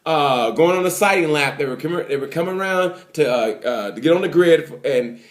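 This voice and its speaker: Guy doing a rambling race recap on his phone, kinda high voice, gets loud then goes quiet. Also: normal speed. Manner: animated, swings from excited to subdued, many fillers. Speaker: motorsport commentator. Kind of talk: casual race recap monologue. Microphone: phone or camera mic.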